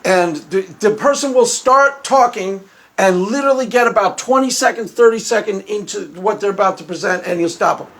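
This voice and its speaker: Male commentator, higher pitched, unscripted and animated, acts out quotes mid-story. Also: normal speed. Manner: conversational, many restarts. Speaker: YouTube commentator.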